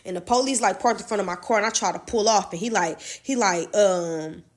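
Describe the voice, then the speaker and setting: A woman's voice: medium pitch, brisk. A woman telling a personal story in a loose, slangy, profane way, as a casual storytime monologue.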